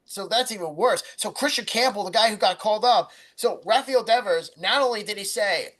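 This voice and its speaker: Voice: medium pitch, brisk, few pauses, a bit bright, poor audio. A podcast co-host ranting about baseball in casual sports talk, swearing heavily.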